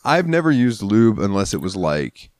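A man's voice: fairly low pitch, very animated, moderate pace, dry recording, studio quality. A man co-hosting a podcast, chatting casually in a rambling, crude, laughing way. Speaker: podcast co-host. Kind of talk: casual chat.

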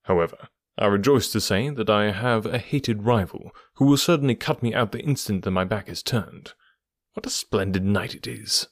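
A man reading the part of a calm, cool-headed middle-aged detective in an audiobook, speaking in a measured, dryly assured, hushed way. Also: fairly low pitch, no echo, clean studio sound. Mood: resolute.

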